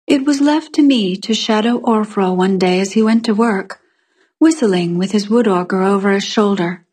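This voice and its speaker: A woman narrating a fantasy short story in a calm, measured way. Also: mid-range voice. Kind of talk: scripted fiction narration.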